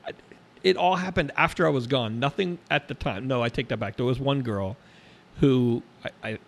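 A middle-aged man co-hosting a casual chat, animated and quick to jump into high-pitched impressions when quoting people. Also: creaky.

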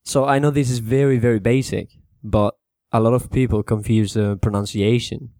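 A man teaching English to Spanish speakers in a casual spoken lesson, repeating words slowly to show how they sound. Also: medium pitch, no room sound, clean studio sound. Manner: relaxed, repeats words slowly to model pronunciation, mixes in Spanish.

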